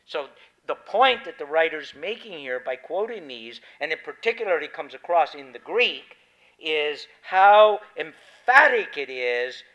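Man, preacher, sermon, emphatic, animated delivery, explanatory. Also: high voice, rough recording. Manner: emphatic, rising to stress key words. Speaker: pastor.

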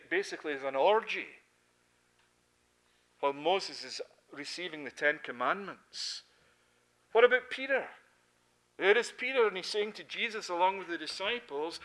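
Scottish preacher guy, middle-aged, bright forceful voice, earnest and emphatic. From Scotland. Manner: earnest, rising to emphatic peaks then dropping low. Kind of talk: sermon.

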